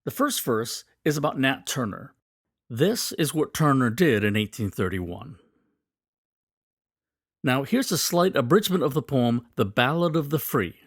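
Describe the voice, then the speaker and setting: A man teaching a poetry lesson, explaining clearly and reading quoted lines slowly and dramatically. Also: mid-range voice, big pitch swings, no room sound, clean studio sound.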